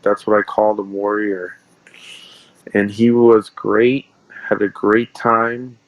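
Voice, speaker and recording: A man's voice: lowish voice, level tone, slow pace, no room sound, low-quality recording. A man, a sports card shop owner, telling rambling stories in a casual interview and repeating himself.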